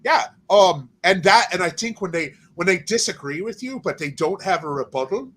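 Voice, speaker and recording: Tired, laid-back man, slightly high voice. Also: expressive, normal speed, fairly bright tone, slight background noise, rough recording. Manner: laid-back, swears casually. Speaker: guest. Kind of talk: casual livestream chat.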